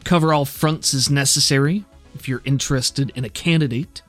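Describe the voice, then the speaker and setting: A man voicing a brisk, commanding female official with mantis legs, giving curt, businesslike orders. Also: medium pitch, soft background music, close to an everyday voice. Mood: formal.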